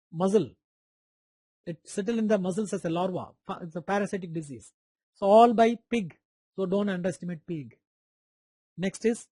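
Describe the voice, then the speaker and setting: A man's voice: high-pitched, darkish tone, dry recording. A man with an Indian English accent giving a live online medical lecture, repeating key terms, quizzing students by name and making playful sound effects.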